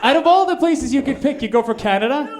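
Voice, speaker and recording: Norwegian guy doing standup in a bar, kinda high voice, trips over his words then lands the punch. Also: expressive, fast, some chatter behind. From Norway. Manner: rambling, stammering restarts, punchy asides. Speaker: stand-up comedian. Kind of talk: live stand-up set. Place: comedy bar on stage.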